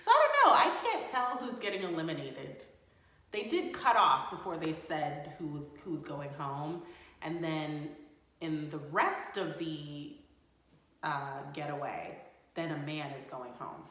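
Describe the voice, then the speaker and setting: A woman giving a casual, animated reality TV recap, exasperated and laughing as she comments. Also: deep voice, slow. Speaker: reality show recap host. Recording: very echoey room.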